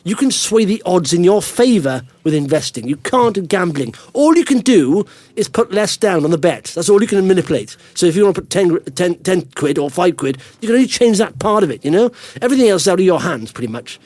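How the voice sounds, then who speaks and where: Excitable high-pitched male host. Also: a little fast, hardly any pauses, no room sound. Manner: excitable, animated, repeats words. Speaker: podcast host. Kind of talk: casual podcast chat.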